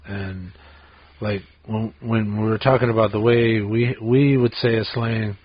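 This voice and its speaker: A man's voice: lowish voice, steady tone, unhurried, breathy edge, dry recording. A middle-aged man co-hosting a podcast in casual chat, rambling and poking fun at himself for being old. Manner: rambling, self-mocking about being old. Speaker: podcast co-host. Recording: dull lo-fi podcast audio.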